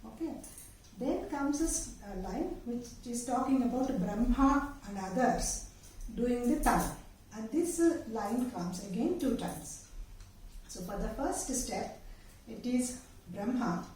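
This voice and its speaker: A woman gives patient, step-by-step dance instruction and stops often to demonstrate. Her voice is a little high and mellow. It is picked up from across a very echoey room, with faint noise behind it. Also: expressive, distant mic. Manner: patient, explanatory, pauses with fillers while demonstrating. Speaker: dance teacher.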